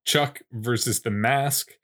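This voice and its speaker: A man's voice: mid-range voice, slow pace, a bit bright. Dry, wry man co-hosting a podcast. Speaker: podcast co-host. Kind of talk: casual chat recapping a TV episode.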